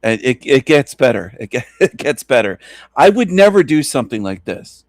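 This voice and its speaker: A man's voice: mid-range voice, big pitch swings, normal speed, no echo. A man giving mocking reaction commentary on a video, crude and incredulous, often breaking into laughter. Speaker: video reviewer.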